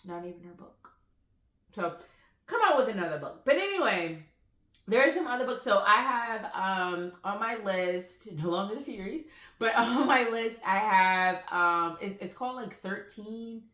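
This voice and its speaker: A woman talks through her latest book purchases in a loose, rambling way, piling on fillers as she tells her stories. Her voice is bright and forward. She records on a phone in a room that gives her voice a noticeable echo. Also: medium pitch, moderate pace. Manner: rambling, animated storytelling with frequent fillers. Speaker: book vlogger. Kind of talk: casual chatty book haul vlog. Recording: roomy echoey room.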